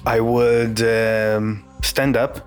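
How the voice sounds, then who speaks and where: A man co-hosting a comedy podcast, answering silly questions in hesitant, drawn-out chat. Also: medium pitch, level tone, clear, resonant tone, faint music behind. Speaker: podcast co-host.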